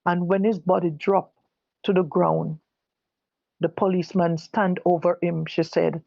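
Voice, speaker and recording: An older Jamaican woman giving personal testimony, halting and correcting herself as she recalls what others said. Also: on the low side, level tone, creaky, darkish tone, no room sound, lo-fi sound. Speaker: guest telling her own story. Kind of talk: personal testimony told live.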